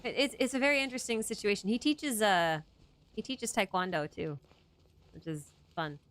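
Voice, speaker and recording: A woman's voice: medium pitch, moderate pace, fairly bright tone. A young adult woman hosting a casual chat, rambling and interrupting herself, often laughing mid-sentence. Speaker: host.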